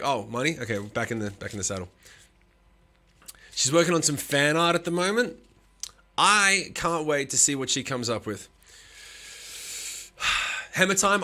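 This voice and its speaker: Male streamer, bright and slightly high voice, profane and teasing, casual chat. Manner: profane, teasing, bursts of laughter.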